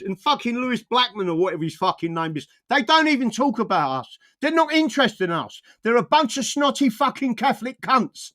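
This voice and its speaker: Man, fairly high voice, furious, swearing constantly, stammering restarts. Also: animated, a little fast, hardly any pauses, bright, forceful tone. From England. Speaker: political commentator. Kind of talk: angry profanity-laden rant.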